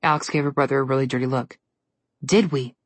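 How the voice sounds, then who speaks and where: A woman narrating a children's fantasy storybook aloud with steady, clear storytelling. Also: rumbling low, very fast, no echo. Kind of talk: storybook reading.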